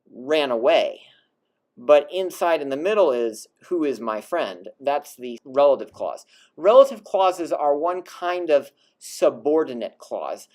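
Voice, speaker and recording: Man, Latin teacher, unhurried, very lively pitch, patient lecture delivery. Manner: demonstrates rising and falling intonation on example phrases; patient, explanatory. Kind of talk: recorded lecture.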